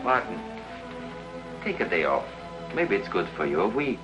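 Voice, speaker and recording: A sensible friend who scolds and reasons in a lively, mid-pitched voice. The film sound is dull and lo-fi, with clear music underneath. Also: male voice, moderate pace. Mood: reasoning. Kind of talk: 1950s film acting.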